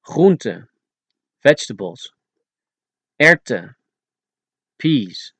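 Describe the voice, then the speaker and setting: Guy reading vocab lists for an audiobook, super slow, dry close mic. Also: mid-range voice, very animated, a bit bright, husky, dry recording. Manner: slow, spaced word-by-word reading of word pairs. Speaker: language teacher.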